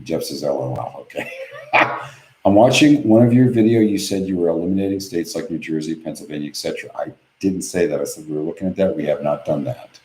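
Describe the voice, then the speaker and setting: A man's voice: sits low, brisk, darkish tone, echoey room, rough recording. A man hosting a live webinar from home, reading viewer questions aloud and answering them bluntly and offhand. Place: home office.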